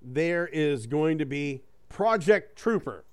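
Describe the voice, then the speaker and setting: A man's voice: a little high, slow. A man in casual conversation, chatting on a talk show with a slightly raised voice. He rambles, restarts, swears, and laughs between sentences, retelling a comedy song with gusto. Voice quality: animated storyteller, breaks into voices for quotes. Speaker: podcast co-host. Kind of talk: casual chat.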